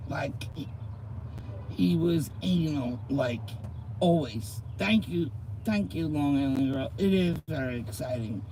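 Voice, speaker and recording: A middle-aged woman vlogger with a low-pitched voice talks casually to her viewers over background noise. She rambles emotionally, responds to commenters, and sounds close to tears.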